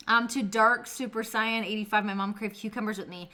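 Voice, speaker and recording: A woman's voice: medium pitch, steady tone, brisk, sharp tone. A woman streamer chatting casually with viewers while cooking in her home kitchen, answering chat and swearing freely.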